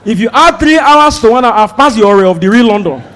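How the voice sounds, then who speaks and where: Nigerian male stand-up comic, high and very expressive voice, storytelling delivery. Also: fast talker, in a large hall. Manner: animated, shouts and mimics voices while telling the story. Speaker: stand-up comedian.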